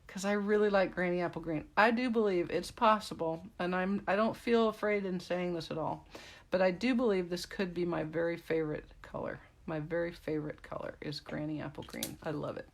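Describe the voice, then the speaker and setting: A woman's voice: fairly low pitch, fairly even intonation, brisk. Chatty woman demonstrating a craft. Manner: chatty, rambling asides to live viewers. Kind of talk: casual craft tutorial.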